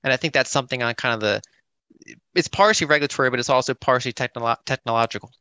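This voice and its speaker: A man speaks on a conference panel, his voice bright and forward. He hesitates often, restarting his phrases and filling pauses. The sound is dry and close. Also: medium pitch, clean tone, no room sound. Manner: hesitant, many restarts and fillers.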